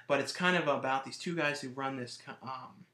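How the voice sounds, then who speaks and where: Casual male vlogger, bright tone, rambly filler-heavy delivery, roomy echo. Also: mid-range voice, moderate pace. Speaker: movie collection vlogger. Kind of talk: casual review monologue.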